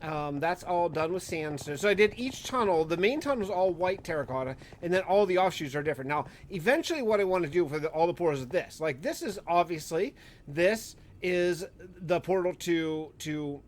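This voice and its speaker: A man's voice: on the high side, expressive, fairly quick. A man giving casual, rambling commentary over his own gameplay, often correcting himself mid-sentence. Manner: rambling, self-correcting, gets exasperated. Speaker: Minecraft YouTuber.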